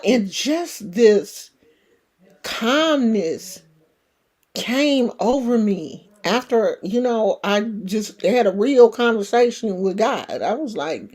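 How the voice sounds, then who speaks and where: A woman's voice: medium pitch, animated, slow pace, a little mellow, breathy edge. A woman in her sixties chatting frankly and casually as a vlogger, swearing freely and speaking in an earthy way. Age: 60s. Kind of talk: casual to-camera chat.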